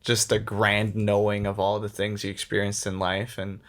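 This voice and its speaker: A man's voice: lowish voice, completely flat delivery, moderate pace, a bit bright. A young man hosting a casual podcast chat, rambling, swearing a lot and laughing often. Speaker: podcast host.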